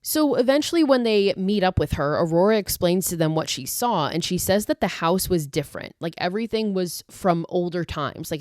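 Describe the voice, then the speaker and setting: Woman host, lowish voice, dry close mic, casual film recap with swearing rants. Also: a little mellow, no echo. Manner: profane, exasperated asides; filler-heavy retelling with 'like'. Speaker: podcast host.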